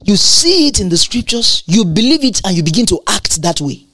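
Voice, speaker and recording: A woman's voice: medium pitch, very animated, moderate pace, fairly bright tone, no echo. A woman preaching a sermon, emphatic and repetitive, asking rhetorical questions and laughing between points.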